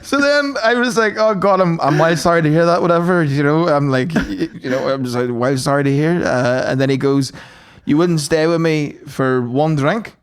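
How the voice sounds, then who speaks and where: A young man, telling a sweary, animated story on a casual podcast and acting out both sides. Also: on the high side, normal speed, smooth. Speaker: podcast co-host.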